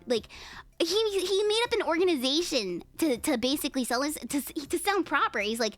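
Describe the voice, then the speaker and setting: A young woman hosting a livestream, reading aloud and chatting with her viewers, animated and profane. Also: high-pitched, fairly quick, no echo. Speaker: livestream host. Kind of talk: reading and chatting with live chat.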